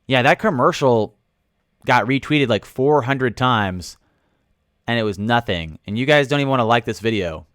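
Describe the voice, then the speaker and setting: Animated man hosting a crypto livestream. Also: mid-range voice, normal speed, clean tone, dry recording, clean studio sound. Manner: animated, jokey, talks to chat, loud sudden outbursts. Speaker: livestream host. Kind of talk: casual livestream chat reading comments. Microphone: studio microphone.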